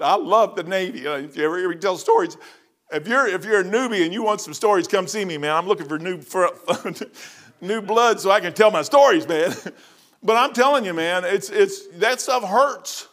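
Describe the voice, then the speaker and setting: Folksy, high-voiced preaching man. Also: moderate pace, fairly bright tone. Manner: folksy and emphatic, says "man" often. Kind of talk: informal preaching with personal stories.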